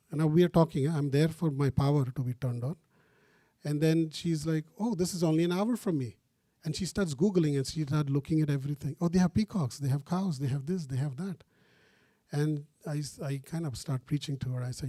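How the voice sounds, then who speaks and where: A man's voice: fairly high pitch, dry recording. A man, a priest giving a retreat talk, telling a story animatedly and acting out the dialogue. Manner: animated, acts out phone dialogue, mixes in Hindi phrases. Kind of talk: storytelling sermon.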